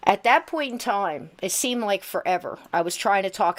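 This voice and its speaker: A middle-aged woman telling a personal story in casual conversation, earnest and emphatic, halting with frequent restarts. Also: mid-range voice, lively intonation, fairly bright tone.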